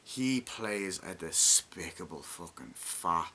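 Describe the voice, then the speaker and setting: A man's voice: deep voice, animated, slow pace, pushed and bright. A young man in his twenties giving a rambling, profanity-heavy casual movie review and acting out lines from the film. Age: 20s.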